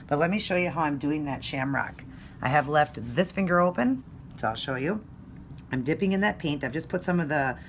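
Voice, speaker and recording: A woman's voice: sits low, a bit bright, a little hiss or hum. A woman talking casually through a nail art tutorial, friendly and explaining each step.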